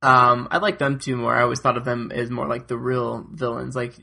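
Young guy, gravelly and kinda husky, chill and laughing a lot. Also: medium pitch, flat delivery, a little fast, pushed and bright. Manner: easygoing, laughs often. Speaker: podcast co-host. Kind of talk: casual chat.

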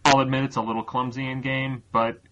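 A man's voice: mid-range voice, little pitch movement, a little fast, fairly bright tone. Rambling man with a dull lo-fi sound. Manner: rambling, filler-heavy, restarts often. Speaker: podcast host. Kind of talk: casual chat. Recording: dull lo-fi recording.

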